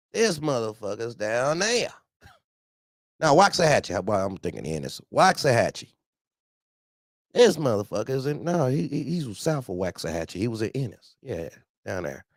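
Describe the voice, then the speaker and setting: Animated, gravelly-voiced man. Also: mid-range voice, no room sound, clean studio sound. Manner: animated, profane, repeats himself. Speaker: truck owner telling a story. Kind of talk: casual storytelling on CB radio.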